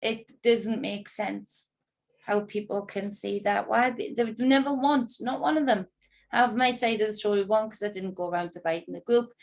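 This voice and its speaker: Gravelly-voiced woman, agitated and indignant, swearing vlog monologue. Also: medium pitch, normal speed. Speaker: spiritual reader recounting an ordeal. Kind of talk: emotional personal monologue.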